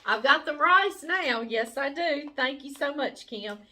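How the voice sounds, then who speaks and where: A woman's voice: high voice, lively intonation, measured pace, bright, forceful tone. A middle-aged woman, hosting a cooking channel and chatting casually as she opens fan mail, gushing and laughing often.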